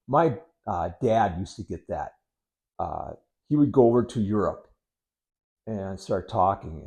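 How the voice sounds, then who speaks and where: A middle-aged man from Wisconsin rambling casually to camera, unhurried and full of ums, with sarcastic asides. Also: mid-range voice. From Wisconsin, United States. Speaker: vlogger.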